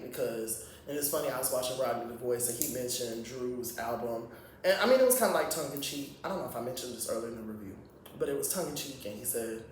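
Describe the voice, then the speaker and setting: A man's voice: mid-range voice, recorded from a distance, a little hiss or hum. A man giving a blunt, profane, rambling casual opinion monologue as a reality TV commentator. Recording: very echoey room, off-mic.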